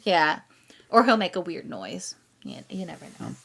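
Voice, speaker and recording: A woman's voice: lowish voice, big pitch swings, moderate pace, creaky, fairly bright tone. A woman co-hosting a casual review podcast, giggly and hesitant with frequent ums. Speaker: podcast co-host reviewing haunted attractions. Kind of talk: casual chat.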